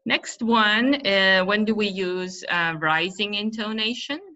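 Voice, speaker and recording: A woman's voice: medium pitch, slow, bright, forceful tone. A woman giving an online teacher-training lesson, hesitant with many fillers and often checking "right?". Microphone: video call. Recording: dull lo-fi webinar audio.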